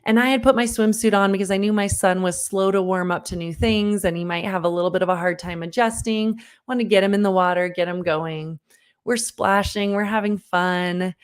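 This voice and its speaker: A woman in her thirties, a parenting coach, giving an online workshop talk and telling a personal story with lively, earnest direct address to the listener. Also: medium pitch, fairly quick, smooth. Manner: lively storyteller who acts out her own past lines.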